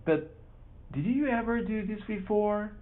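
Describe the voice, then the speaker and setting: A man's voice: high-pitched, animated, unhurried, pitched above the performer's own voice. A man voicing a curious young boy, asking raised, surprised questions. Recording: tinny phone-like sound.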